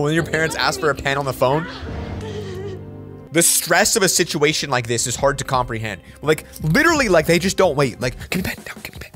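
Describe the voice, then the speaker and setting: A man hosting a reaction video, chatting casually with quick asides. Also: medium pitch, fairly bright tone.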